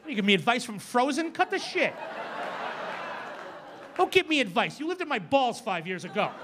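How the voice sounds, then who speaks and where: A man in his forties doing a stand-up set on a club stage, loud and ranting with mocking asides. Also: extremely high pitch, big pitch swings, normal speed, noisy background. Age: 40s. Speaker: stand-up comedian. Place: comedy club stage with audience. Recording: live club recording with faint crowd.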